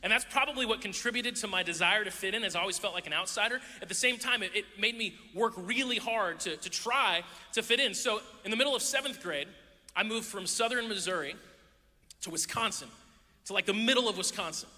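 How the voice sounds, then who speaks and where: Male preacher, sermon delivery, very bright tone, playful storytelling with voices, echoey hall. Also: sits high, a little fast. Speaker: youth pastor. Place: church hall with audience.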